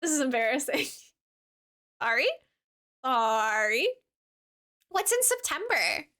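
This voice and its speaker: A woman streaming a cozy game, chatting in a bubbly, giggly way and gushing warmly at her chat, with lots of "like" fillers. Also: high voice, sing-song, slow pace. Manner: warm toward chat, gushing. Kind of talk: casual live-stream chat while gaming.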